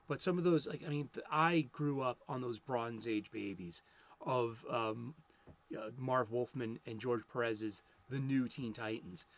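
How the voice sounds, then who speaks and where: A man in his fifties from Boston with a Boston accent, talking about comics in a casual, rambling solo monologue full of restarts. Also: mid-range voice. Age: 50s. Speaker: comics vlogger.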